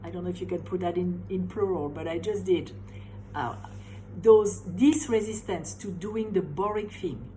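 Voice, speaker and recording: A woman's voice: lowish voice, normal speed, dark tone, slight background noise, low-quality recording. A middle-aged woman from France with a French accent, giving an emphatic motivational talk as a life coach and stressing her key words. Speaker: life coach and tapping practitioner.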